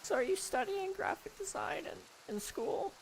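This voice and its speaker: A man streamer voicing a sweet, sour old lady in a high falsetto while chatting with viewers. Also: big pitch swings, moderate pace, noisy background, exaggerated voice. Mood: chatty. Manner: chatty, apologetic, answers chat as he goes. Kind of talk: live stream chat.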